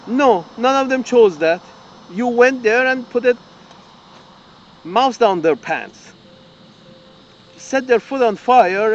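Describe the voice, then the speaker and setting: In this ranting open-letter monologue, a male political commentator with an extremely high voice rages profanely, circling back over the same points and restarting his sentences. The recording has its highs cut off and slight background noise.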